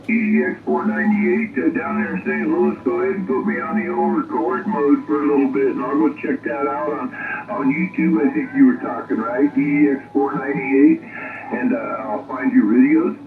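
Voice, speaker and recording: A man's voice: mid-range voice, normal speed, a crowd in the background. A man chatting easily on the radio with a distant station, heard through the receiver. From Northern Idaho. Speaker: radio operator. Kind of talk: casual radio chat. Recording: tinny radio signal, distant and roomy.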